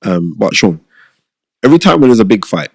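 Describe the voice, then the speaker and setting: Middle-aged man, low voice, animated streetwise storyteller, dry studio sound. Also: a little fast, gravelly, dry recording. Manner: animated, repeats phrases, streetwise slang. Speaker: boxing pundit and former boxer. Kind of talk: casual storytelling interview.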